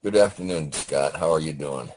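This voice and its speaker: An older man with a very low, rumbling voice tells family stories in an unhurried, halting way, stopping often to search for words. He joins the interview remotely, and a faint hiss of noise sits under his voice. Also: a little mellow, low-quality recording. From Detroit, Michigan. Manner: slow, halting recollection with many pauses and fillers. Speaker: guest, Vietnam veteran. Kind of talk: storytelling interview. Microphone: remote audio call.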